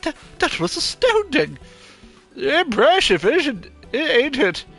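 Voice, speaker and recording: Man putting on a proud old male showman, high chatty put-on voice, faint game music. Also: huge pitch swings, slow pace, bright, forceful tone, full character voice. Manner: raised creaky old-man put-on voice, stumbling reading. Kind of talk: reading game dialogue aloud.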